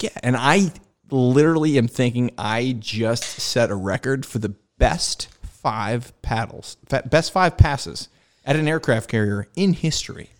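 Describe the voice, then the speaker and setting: A man in mid-range pitch tells a story on a podcast with lots of energy. He slips into quoted dialogue and breaks into laughter as he goes, in a relaxed chatty way. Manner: animated, acts out quoted dialogue, laughs often. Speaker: podcast host, former carrier pilot. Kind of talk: casual storytelling chat.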